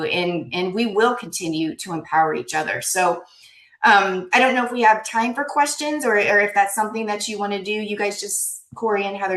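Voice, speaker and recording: A woman's voice: medium pitch, a bit bright, reverberant, poor audio. A woman giving an emotional, earnest keynote talk over a video call, often repeating words. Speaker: keynote speaker.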